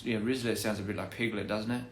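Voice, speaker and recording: A man's voice: fairly low pitch, steady tone, fast, echoey room, a little hiss or hum. A man chatting casually on a phone livestream, rambling through goofy wordplay and laughing at his own jokes. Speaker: livestream host.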